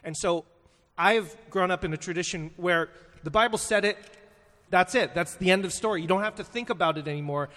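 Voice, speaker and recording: High-voiced man, echoey. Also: a little fast, sharp tone. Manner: earnest, thinking aloud with fillers. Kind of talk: sermon recap in conversation.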